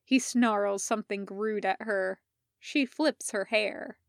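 A woman reading fan fiction aloud in an even, measured storytelling manner. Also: mid-range voice, creaky, dry recording, clean studio sound. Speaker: podfic reader.

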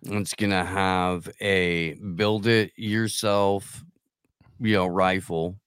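Low-voiced man, halting and blunt. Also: fairly even intonation, fairly bright tone, clear, resonant tone, no echo, studio quality. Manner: halting, with fillers and restarts, blunt opinions. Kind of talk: casual podcast chat.

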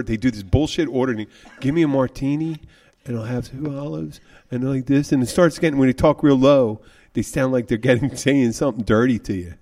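A man co-hosting a radio show, telling a long rambling story in casual on-air chat and acting out the quotes. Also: medium pitch. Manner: rambling, animated, acts out quotes.

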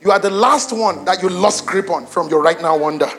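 Animated pastor, high voice. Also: male voice, fairly quick. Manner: animated, switches between loud exclamations and hushed emphasis; repeats lines for emphasis, addresses congregation directly. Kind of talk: sermon. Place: church auditorium with congregation.

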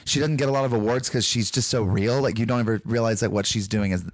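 A podcast guest from North Carolina talks casually in a Southern accent, dropping into quick mock voices now and then. His mid-range voice holds a steady tone, and the recording is dry.

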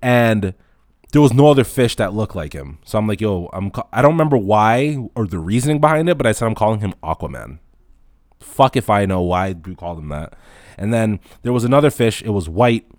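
Lively low-voiced male podcast host. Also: a little fast, no echo, clean studio sound. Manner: animated, profane storytelling; acts out dialogue in anecdotes. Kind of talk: casual solo podcast chat.

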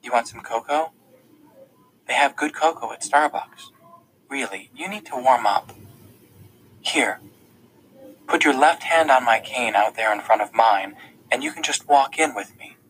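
A man reading an audiobook, voicing a blind teenage girl who is quick to anger and caring, often speaking softly or in a whisper with a higher lilt. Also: slight background noise, lightly acted, rough recording.

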